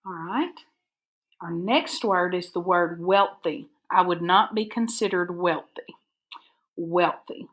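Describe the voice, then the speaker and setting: Slow, deliberate woman teacher. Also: fairly low pitch. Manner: slow, deliberate, breaks words into syllables. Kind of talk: phonics dictation lesson. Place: recorded for an online video lesson.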